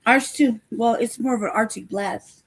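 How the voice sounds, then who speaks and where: A little high and slightly breathy, her voice moves at a normal pace. The woman hosts a casual live chat full of animated, profane stories and frequent laughs.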